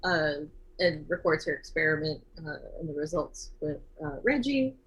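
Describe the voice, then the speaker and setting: A woman's voice: low voice, moderate pace, breathy edge, rough recording. A woman playing a tabletop game, chatting casually about what her character does. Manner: relaxed, chatty, describing her character's actions. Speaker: player.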